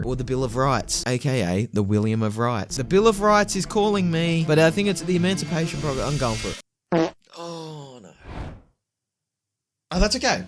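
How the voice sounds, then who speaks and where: A young man hosts a comedy quiz video, joking and boasting in a playful way while he thinks aloud. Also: medium pitch.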